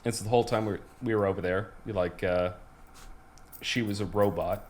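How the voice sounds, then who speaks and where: Rambling, low-voiced podcast co-host. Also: male voice, fairly even intonation, a little fast, slight background noise. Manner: rambling storyteller, many restarts and fillers. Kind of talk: casual chat.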